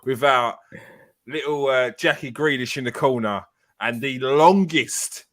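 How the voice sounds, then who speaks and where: A man hosting a live fan show, chatty, excitable and teasing as he greets guests and reads comments. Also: medium pitch, a little slow. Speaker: host. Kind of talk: casual live show chat.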